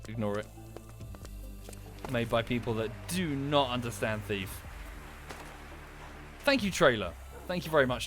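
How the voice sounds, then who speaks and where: A British man talks through a gaming livestream in loose, enthusiastic rambles, dropping swear words as he goes. His voice sits at an ordinary middle pitch, recorded close on a desk mic with faint game music underneath. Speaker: streamer. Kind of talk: casual livestream chat.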